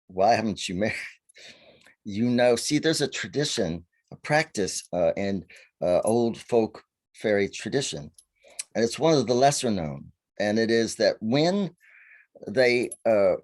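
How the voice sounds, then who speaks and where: Low-voiced man telling stories on a video call. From Virginia, USA. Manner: animated storyteller, acting out quotes. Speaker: guest, faery seer. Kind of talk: storytelling in a conversation.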